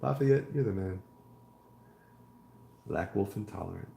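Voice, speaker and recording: A man's voice: low-pitched, a little slow, vocal fry, warm tone, echoey room, slight background noise. A man, a comic artist, chatting casually on a live stream while he draws, reading viewer comments aloud and joking around. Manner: rambling, jokey, reads chat aloud and riffs.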